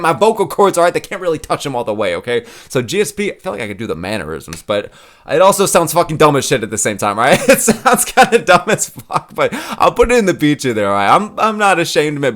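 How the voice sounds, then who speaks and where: A man's voice: fairly high pitch, big pitch swings, fast, a bit bright. A young man hosting his channel in casual chat, swearing freely, laughing and tagging "all right?" onto lines. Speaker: channel host.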